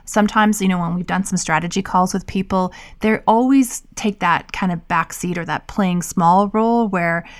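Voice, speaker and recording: Woman, podcast co-host, lowish voice, casual thoughtful chat, hedging. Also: moderate pace, hardly any pauses. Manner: thoughtful, hedging, trails off and restarts.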